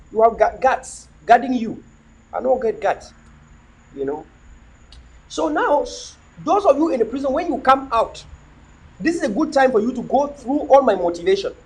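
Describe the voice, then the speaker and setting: High, husky, preachy man. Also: rough recording. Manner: preachy, repetitive, rhetorical questions. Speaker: livestream host. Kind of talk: impassioned livestream monologue.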